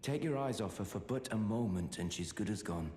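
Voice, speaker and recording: A man voicing a polite young nobleman from a video game, formal and courteous, with a somewhat low voice. The sound is roomy and carries a long reverb. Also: lively intonation, brisk, dark tone, slight background noise, natural voice. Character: polite young male noble missing his servant.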